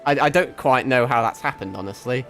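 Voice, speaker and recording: A man's voice: mid-range voice, a little fast, a bit bright. A young man with a mixed northern English accent, chatting casually to his livestream while gaming, rambling, swearing and laughing often. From England. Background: faint background music.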